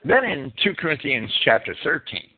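A man with a New Jersey accent teaching a Bible sermon, emphatic and deliberate, stretching his key words. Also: mid-range voice, big pitch swings, husky. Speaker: preacher. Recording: phone-like narrow sound.

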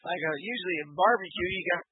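A man's voice: sits high, quick pace, noisy background. A man in casual conversation on a phone call, rambling with hesitant restarts and frequent laughs. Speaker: caller. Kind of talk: casual chat. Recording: tinny phone line.

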